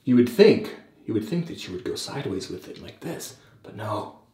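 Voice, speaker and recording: A man doing an impression of a calm, earnest male narrator walking through a beard trim step by step, in a slow, deliberate, mock-serious manner. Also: lowish voice. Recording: roomy echo.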